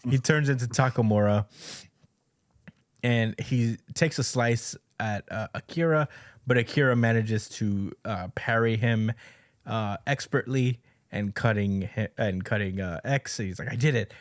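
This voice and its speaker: A man's voice: on the low side, measured pace, dry recording, clean studio sound. A man co-hosting a podcast, casually recapping a manga chapter with lots of fillers and quoted lines. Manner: conversational, many fillers, reads out character lines.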